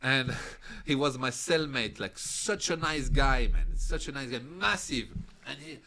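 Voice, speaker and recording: A man appears as a podcast guest, telling stories casually and animatedly, laughing often and slipping into character voices. He speaks at an unhurried pace in a medium pitch, with a slight hiss or hum on the recording.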